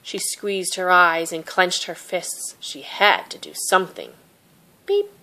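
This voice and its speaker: A woman reads a children's picture book aloud in a gentle, expressive way. Her voice sits on the lower side. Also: takes it slowly. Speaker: storybook reader.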